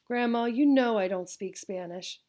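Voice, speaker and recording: A woman's voice: on the high side, normal speed, dark tone, close to an everyday voice. A woman voicing a frustrated, plainspoken young boy from a poor family in an audiobook. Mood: plain.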